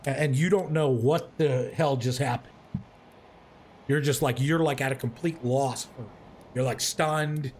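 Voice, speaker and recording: A man's voice: mid-range voice, a little slow, darkish tone, slight background noise. Laid-back male game master, rambling. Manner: casual, rambling with fillers and restarts. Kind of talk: narrating a tabletop game.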